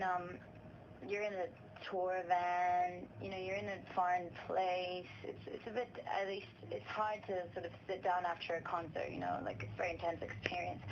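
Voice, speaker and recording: A woman's voice: lowish voice, pushed and bright. A young woman singer chatting casually as a guest in a radio interview, talking easily with fillers and frequent laughs. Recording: dull lo-fi sound with faint noise.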